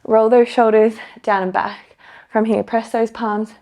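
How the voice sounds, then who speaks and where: Gravelly-voiced woman coaching a workout. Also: on the high side, little pitch movement, a little slow, dark tone. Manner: upbeat counting and coaching, with light laughs. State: slightly out of breath. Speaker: pilates instructor. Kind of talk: workout instruction.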